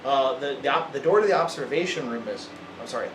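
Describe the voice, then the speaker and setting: A man's voice: mid-range voice, animated, quick pace. Man running a tabletop game in an echoey room. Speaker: game master. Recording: echoey room, distant background noise.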